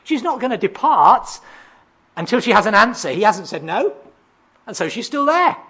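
A preacher with a husky, slightly breathy voice walks through a passage verse by verse. The delivery poses rhetorical questions and now and then stumbles into fillers before picking up the thread. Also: mid-range voice, big pitch swings, moderate pace, bright, forceful tone. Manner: expository, asks rhetorical questions, reads out verses; occasional hesitant fillers and restarts. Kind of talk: sermon.

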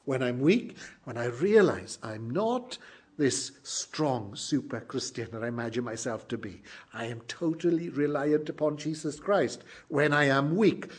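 A middle-aged man preaching a sermon, earnest and emphatic, moving between loud exclamations and hushed lines. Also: medium pitch, husky.

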